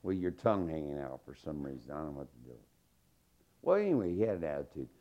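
A man's voice: very deep voice, very animated, fast talker, mellow. A man preaching a sermon in a folksy, joking storytelling manner. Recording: dull lo-fi sermon recording.

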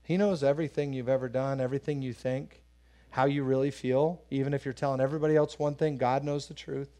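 A male pastor delivers a sermon like a relaxed chat, weaving in personal stories and putting on voices for quoted lines. He talks at a middle pitch and keeps turning to the congregation with questions. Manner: animated storytelling, acting out voices in quotes; conversational, asks the congregation questions.

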